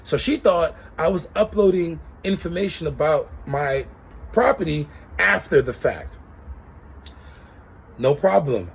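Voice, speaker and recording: A man's voice: a little high, gravelly, breathy edge. A young man telling an exasperated story about an insurance claim in a casual vlog rant, acting out the other people's lines. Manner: animated, exasperated storytelling with acted-out quotes. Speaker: customer reviewing an insurer.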